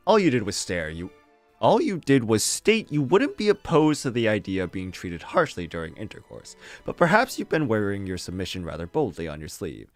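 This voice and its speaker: A man streaming, reading fanfiction aloud in a casual way with amused, disbelieving asides and frequent laughter. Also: deep voice. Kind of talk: casual read-aloud with commentary.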